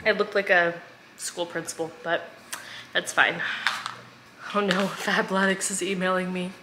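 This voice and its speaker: A woman's voice: on the low side, fairly even intonation, measured pace. A woman book vlogger in casual chat, rambling through her day with self-deprecating asides.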